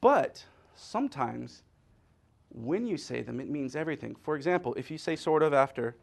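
A man's voice: medium pitch, normal speed, vocal fry. A middle-aged man preaching a humorous sermon, telling stories with playful wordplay. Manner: animated storytelling with playful wordplay.

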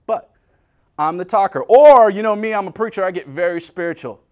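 A man preaching with a bouncy, storytelling energy, his voice swooping up and down as he plays out everyday scenes. His voice sits a touch high for a man, and he keeps turning to his congregation to pull them into the joke. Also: normal speed, pauses often. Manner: animated storyteller, acting out scenes; talks directly to the congregation. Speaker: pastor. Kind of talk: humorous conversational sermon.

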